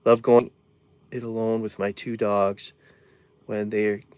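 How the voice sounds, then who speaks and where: A man's voice: on the low side, flat delivery, slow pace, a little mellow, clean tone, no echo. A man live streaming from inside his camper van, chatting casually and rambling while reading viewer comments aloud.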